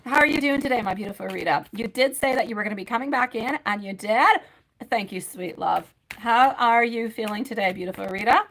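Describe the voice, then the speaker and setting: A woman hosting a live tarot reading, talking straight to her viewers. Her voice is bright and ringing, and she showers them with endearments like sweetie and my love while answering their questions one after another. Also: a little high, brisk, slight background noise, poor audio. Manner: chatty, reads out viewer names and questions. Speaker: tarot reader.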